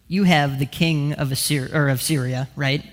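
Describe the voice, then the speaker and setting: A man preaching a sermon, telling a story in a casual, animated way with many asides. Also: fairly high pitch, normal speed, in a large hall. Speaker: pastor.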